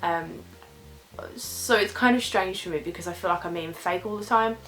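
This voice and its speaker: A woman's voice: on the low side, normal speed, fairly bright tone, poor audio. A young British woman chatting casually as she answers viewer questions in a vlog, rambling and sometimes losing her train of thought.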